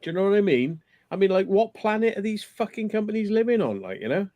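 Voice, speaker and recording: A man's voice: high-pitched, very animated, fast talker, warm tone, no room sound. A man in casual chat, telling an indignant story and swearing freely.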